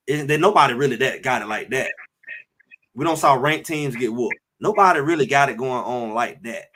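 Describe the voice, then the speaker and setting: A show host delivering heated, emphatic sports talk, repeating his points. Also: medium pitch. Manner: fired-up, emphatic, repeats phrases.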